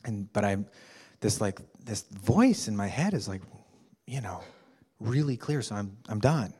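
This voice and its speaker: A man telling a personal story to a workshop group, halting with fillers and restarts, with amused laughs. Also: fairly low pitch, animated, a little mellow, husky. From United States. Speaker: workshop participant.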